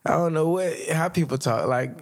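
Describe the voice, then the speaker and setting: Man, young adult, rapper guest, casual slang, slightly high voice. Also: fairly quick. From Jacksonville, Florida. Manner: laid-back, loose slang, many fillers. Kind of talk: casual interview chat.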